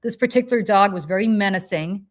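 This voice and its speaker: A woman hosting a podcast, telling a story in casual chat with lively, profane energy. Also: mid-range voice. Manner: animated, profane, quick restarts. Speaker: podcast host.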